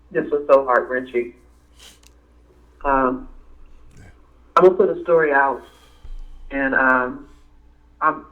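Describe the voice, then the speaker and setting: A woman calling in as a guest, choked up and tearful, stammering and halting as she speaks. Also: low voice. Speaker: guest co-host. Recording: tinny phone line.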